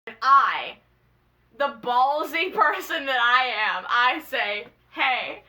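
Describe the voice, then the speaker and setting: Bright-voiced, bubbly young woman. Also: high voice, measured pace. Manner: bubbly, excitable, slangy, gushing. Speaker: vlogger. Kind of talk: casual storytime.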